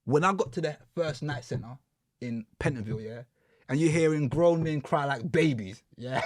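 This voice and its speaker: A man tells his story with lively energy, jumping into quoted voices and street slang. His voice sits a little high for a man. The sound is close and dry, with no room around it. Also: measured pace, dry recording. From United Kingdom. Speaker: podcast guest. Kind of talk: casual storytelling interview.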